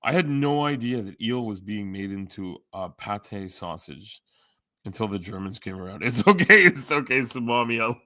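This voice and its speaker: This man's voice sits on the low side but is expressive, bright, and forceful, moving at a moderate pace. He's live streaming, responding to chat in a rambling, joking way full of swearing and fillers, hopping between topics. It's recorded clean, studio-style, without any room sound.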